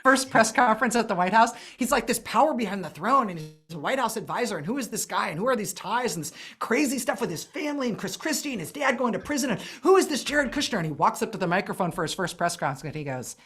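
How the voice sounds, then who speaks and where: A woman guest in a casual political conversation, talking in a wry, animated way with laughs and quick asides. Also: a little high.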